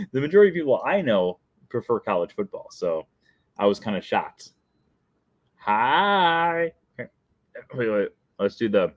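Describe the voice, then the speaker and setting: This young adult host keeps his casual live stream chatty and light, singing a jingle now and then and laughing at himself often. His lowish voice comes through in a dry recording.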